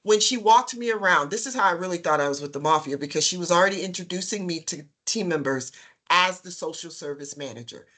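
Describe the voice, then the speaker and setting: A woman on a panel, telling her career story in a lively, chatty way with many ums and acted-out quotes. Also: fairly low pitch, quick pace. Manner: lively storyteller, acts out what others said; chatty, with frequent um and uh. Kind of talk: personal storytelling in a webinar panel.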